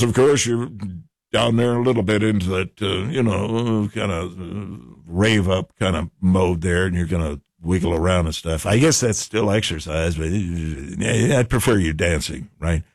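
A man's voice: lowish voice, no room sound, studio quality. A man hosting a casual radio morning show, joking and rambling while he has the hiccups. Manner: jokey, rambling, animated.

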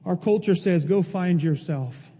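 A male pastor preaching a sermon in an impassioned way, his voice rising toward near-shouts. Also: high voice, unhurried, husky, long reverb tail.

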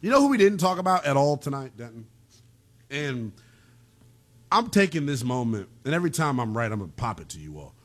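Animated male sports show host. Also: medium pitch, brisk. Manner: animated, bouncing between hype and jokes. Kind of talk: casual sports talk show.

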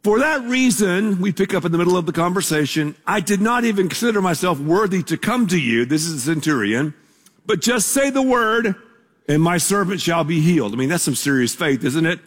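A man's voice: sits high, animated, fairly quick, a bit bright. A man preaching a sermon as pastor, conversational and emphatic, asking the congregation to repeat words with him. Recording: long reverb of a large hall.

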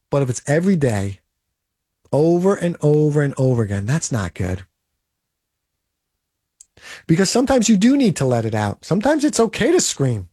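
A man's voice: sits high, a little mellow, dry recording, clean studio sound. Emphatic man giving a pep talk. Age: 40s. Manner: emphatic, blunt and pep-talking, with rhetorical "right?". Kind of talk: motivational monologue.

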